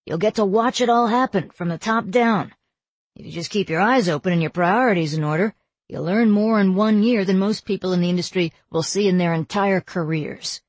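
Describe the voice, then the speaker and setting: A woman reading the lines of a middle-aged father who reassures his daughter, in a husky, dry voice. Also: medium pitch, brisk, dry recording, natural voice. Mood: reassuring. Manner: reassuring, fond.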